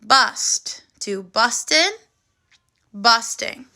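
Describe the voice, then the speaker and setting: A woman teaching a first grade phonics lesson on video, speaking slowly and clearly with plenty of encouragement for young children. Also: fairly high pitch, lively intonation, pushed and bright. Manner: slow, clear, encouraging classroom delivery.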